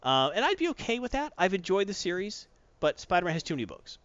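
A man's voice: high voice, sing-song, fast, a bit bright, smooth, no echo, dull audio. A man in casual chat, recapping a comic book plot with mocking put-on voices for the characters. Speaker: comic book podcast co-host.

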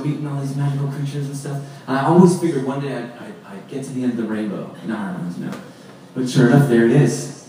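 A man from San Francisco tells a story on a live stage in a casual, chatty way, with laughing asides. His voice sits a touch high and reaches the mic from a distance. The room rings with heavy echo over steady background noise. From San Francisco, USA. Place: stage with monitors. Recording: echoey live room from far off, noisy.

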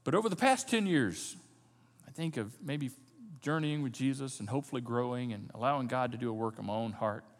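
A man preaching a sermon as the pastor, telling the story in an animated way and acting out the scenes. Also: mid-range voice, brisk, in a large hall.

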